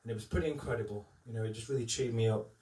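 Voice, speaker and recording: A man chats warmly and earnestly to his live-stream viewers, rambling with plenty of fillers. His voice sits at an ordinary pitch and comes through from some way off the mic. The room rings a little, and faint music plays underneath. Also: very fast, reverberant, far from the mic. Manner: heartfelt and rambling, many fillers. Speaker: tribute entertainer. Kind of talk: casual chat on a live stream.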